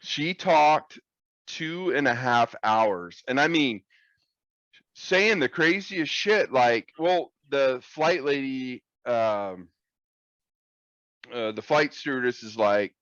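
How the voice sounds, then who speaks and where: A man's voice: medium pitch, slow pace, no room sound, dull audio. Profane, storytelling podcast man. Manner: profane, animated, acts out quoted voices. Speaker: podcast co-host. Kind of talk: casual storytelling chat.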